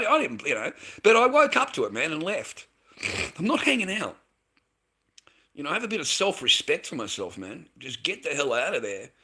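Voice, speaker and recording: A man's voice: mid-range voice, bright, forceful tone. A man telling a crude story in casual chat, swearing a lot and calling the listener mate and bro. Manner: profane, blokey, repeats "mate" and "bro".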